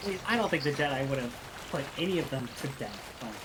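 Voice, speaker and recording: A man's voice: medium pitch, lively intonation, quick pace, background noise. A man chatting casually with a streamer, giving blunt, joking takes on the game. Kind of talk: casual chat.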